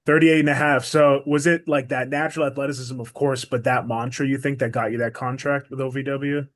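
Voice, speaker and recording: A man's voice: mid-range voice, fairly even intonation, fairly quick, fairly bright tone. A man hosting a podcast who asks enthusiastic questions of his guest. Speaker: podcast host. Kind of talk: interview questions.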